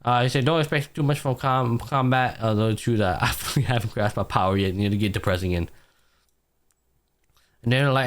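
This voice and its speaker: A man's voice: medium pitch, fairly quick. A young man co-hosting a podcast, casually recapping an anime and acting out the characters' lines with plenty of slang and swearing. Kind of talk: casual chat.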